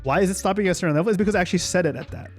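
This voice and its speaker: A man's voice: high-pitched, racing, soft background music. A young man hosting a casual tutorial on streaming audio, chatty and self-demonstrating, talking into a studio mic while EQ changes alter his voice. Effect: live equalizer changes on his own voice. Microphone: studio microphone in a home streaming setup.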